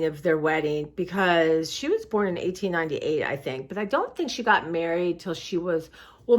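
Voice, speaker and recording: Woman, middle-aged, slightly low voice, rambling, reflective, casual vlog. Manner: tired and close to tears. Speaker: vlogger. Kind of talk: casual personal vlog chat.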